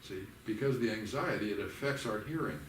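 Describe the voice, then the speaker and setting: An older man leading a church workshop. He teaches in a folksy, animated way and acts out the voices of the people he quotes. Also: lowish voice, quick pace, slight background noise. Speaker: workshop leader. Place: church hall. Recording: echoey hall recorded from a distance.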